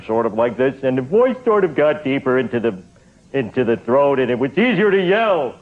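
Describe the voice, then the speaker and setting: A man's voice: a little high, very animated, normal speed. A man, a voice actor, relaxing into an interview anecdote and briefly slipping into character voices. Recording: tinny phone-like sound.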